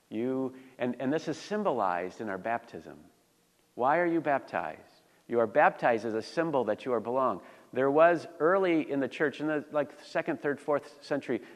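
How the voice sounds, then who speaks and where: A man of middle pitch delivers a sermon in a relaxed, conversational manner and often turns to the congregation with questions. His voice rings out in a large church hall, where a long reverb trails after each phrase. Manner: conversational preaching with rhetorical questions. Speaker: pastor. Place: church sanctuary. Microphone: handheld or stand mic.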